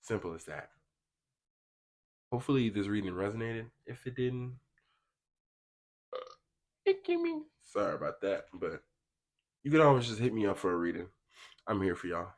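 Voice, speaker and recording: A man's voice: lowish voice, animated, a little fast, pauses often. A young man giving a casual pick-a-card tarot reading, chatty and slangy, talking straight to his viewers. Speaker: tarot reader.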